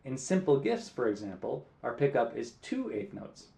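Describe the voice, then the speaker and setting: A man teaching guitar rhythm, counting beats aloud in a clear, patient way. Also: mid-range voice, big pitch swings, moderate pace, dark tone. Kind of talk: music lesson. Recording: roomy echo.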